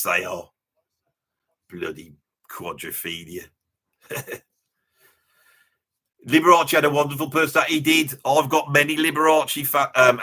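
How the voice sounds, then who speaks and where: A man's voice: mid-range voice, bright, forceful tone. A man with a Birmingham accent voicing a boastful older rocker who rambles through tall tales in a comic live reaction, full of asides and mock indignation. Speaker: live reaction streamer in character.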